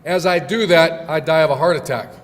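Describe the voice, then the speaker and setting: A man's voice: fairly high pitch, a little fast, natural voice. A man voicing an unlucky man pleading at heaven's gate, piling up one mishap after another. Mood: aggrieved. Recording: long hall reverb, faint room noise.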